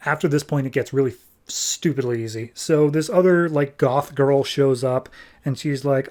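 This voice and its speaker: Animated man recapping comics. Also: a little high. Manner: animated, nitpicky, quotes characters in quick voices. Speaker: podcast host. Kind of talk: casual comic book recap.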